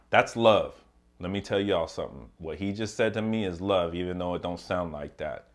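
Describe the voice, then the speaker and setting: A man's voice: low-pitched, moderate pace. A man casually telling his prison story to the camera, loose and profane, with many fillers and asides.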